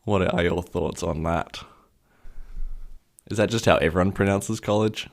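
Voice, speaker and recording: A man's voice: low voice, a little slow, gravelly. A man co-hosting a podcast in casual chat, curious and analytical, asking pointed questions. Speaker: podcast co-host.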